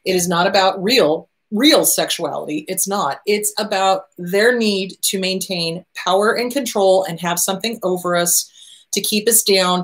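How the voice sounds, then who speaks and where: Woman, middle-aged, advice host, emphatic, repeats key phrases, medium pitch. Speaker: relationship advice host answering viewer questions. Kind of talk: advice talk.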